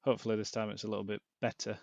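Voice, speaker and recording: A man with a Yorkshire accent talking in a monotone, dry and self-mocking, as he hosts a casual sim racing commentary. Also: lowish voice, racing, creaky, no room sound, muffled recording.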